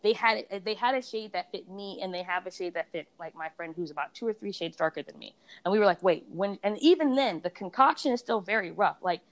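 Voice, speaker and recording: A woman talking casually about beauty and skincare brands. She is an expressive storyteller and slips into other people's voices as she tells her stories. Her pitch sits in the middle of the range. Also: fast talker. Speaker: beauty reviewer and blogger. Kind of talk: casual conversation.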